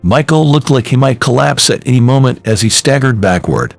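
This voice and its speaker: A man narrating a scripted first-person story with soft music behind. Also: medium pitch, expressive, fairly quick, gravelly, hardly any pauses.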